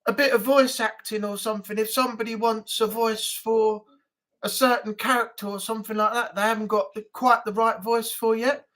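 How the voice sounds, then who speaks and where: A man's voice: high-pitched, fairly even intonation, fairly quick, a bit bright. A man hosting a casual live-stream chat, talking in a rambling, easygoing way with frequent laughs.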